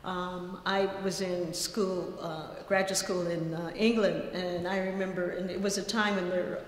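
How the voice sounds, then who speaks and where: A woman's voice: fairly low pitch, fairly even intonation, a little slow, slight background noise. Woman giving a chatty lecture, lots of asides, big echoey hall. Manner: conversational storytelling with asides. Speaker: guest lecturer. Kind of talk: academic colloquium talk.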